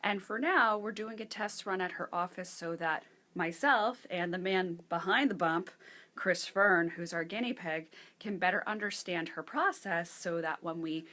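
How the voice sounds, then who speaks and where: A woman's voice: on the low side, normal speed, bright, forceful tone. A woman with a New Jersey accent hosting a casual health video, chatty and upbeat with frequent fillers. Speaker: host. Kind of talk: casual on-location video chat.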